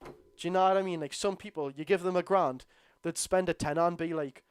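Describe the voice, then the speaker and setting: A man's voice: high voice, brisk, clear, resonant tone, dry recording, clean studio sound. A young Geordie man from North East England giving blunt, exasperated live commentary as a football fan streamer.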